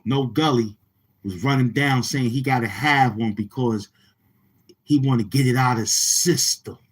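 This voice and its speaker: A man's voice: mid-range voice, moderate pace, slightly rough. A man giving rambling, taunting street-talk commentary on his channel, repeating himself in heavy slang. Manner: repetitive, taunting, slangy delivery. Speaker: commentary vlogger.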